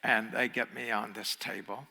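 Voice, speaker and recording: A man giving a dharma talk as a meditation teacher, telling a personal story in a conversational way, chuckling now and then and dropping to a hushed tone for emphasis. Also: lowish voice, fairly even intonation, normal speed, creaky, big-room sound.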